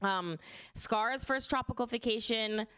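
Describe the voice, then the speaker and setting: A young woman telling a funny story in casual chat, animated, full of "like" fillers and swearing. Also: fairly high pitch, a little slow, clear, resonant tone. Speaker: streamer.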